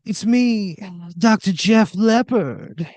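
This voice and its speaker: A man putting on a breathy glam-rock surgeon. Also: high-pitched, expressive, slow, darkish tone, no room sound, pitched above the performer's own voice. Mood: breathy, smooth.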